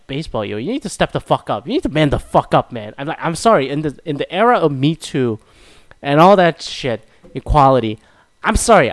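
A man's voice: on the high side, no echo. A young man from Korea, hosting a casual solo talk and ranting profanely with self-mocking asides. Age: young adult.

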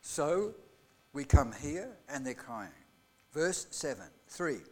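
A man delivers a sermon in a church, his voice pitched high for a man. He takes his time, drawing out each phrase. He moves from loud, urgent questions to near-hushed lines. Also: very animated, takes it slowly. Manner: dramatic preaching with rhetorical questions, swinging between loud and hushed. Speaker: pastor. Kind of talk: live sermon. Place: church hall.

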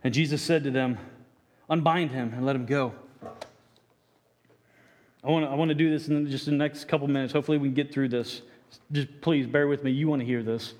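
A man preaching a sermon with earnest, stammering restarts, acting out the quoted lines. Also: a little high. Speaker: pastor. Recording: echoey hall reverb.

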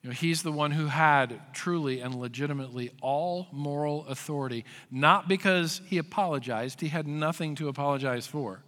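Male pastor, sermon delivery, bright, slightly high voice, swings from loud to hushed, long hall reverb. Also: moderate pace, few pauses. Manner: storytelling, shifting from loud acted quotes to hushed emphasis.

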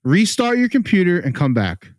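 Lively, teasing male podcast host. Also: high-pitched, moderate pace, dry recording. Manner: teasing, laughs often, profane. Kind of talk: casual sports chat.

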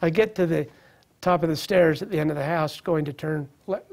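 Earnest man, thirties, slightly raised pitch, gravelly and husky, telling his recovery story in an interview. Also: a little fast, darkish tone. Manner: earnest, reflective, with restarts. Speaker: guest sharing recovery story. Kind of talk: personal testimony in interview.

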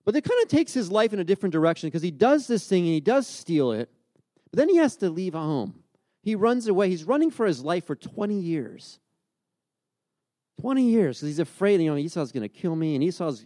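A beach-raised pastor in his forties tells stories through his sermon in a casual, conversational way, restarting sentences often. His voice is fairly high-pitched with a dark tone, recorded dry at studio quality.

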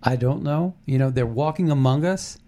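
A man's voice: medium pitch, moderate pace, dark tone. A man co-hosting a casual commentary chat, rambling with many fillers and restarts. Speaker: podcast co-host.

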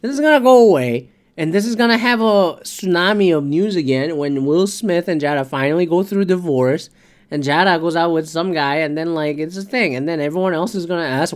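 Solo podcast host, profane and rambling, middle-pitched, keeps slipping into made-up quoted exchanges. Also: expressive, brisk. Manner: profane, rambling, acts out imagined dialogue. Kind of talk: solo commentary rant.

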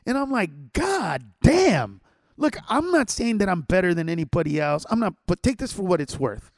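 A man's voice: high-pitched, normal speed, creaky, no room sound, studio quality. A man who is a stand-up comedian, ranting in casual podcast chat, full of swearing. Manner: profane, animated ranting.

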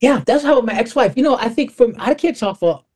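A man's voice: extremely high pitch, animated, a little fast, a little mellow, slightly rough. A man guesting on a podcast, talking candidly in a storytelling way with salty language. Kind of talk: casual interview chat.

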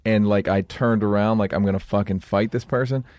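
Low-voiced man, halting casual chat. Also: fairly even intonation, darkish tone, no echo, clean studio sound. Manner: halting, restarts sentences. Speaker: podcast co-host.

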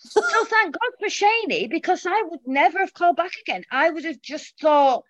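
A woman's voice: extremely high pitch, normal speed. A middle-aged woman from England, a former dancer, telling a story in casual chat and acting out the people she quotes. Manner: animated, acts out quoted voices. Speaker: guest. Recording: dull lo-fi audio.

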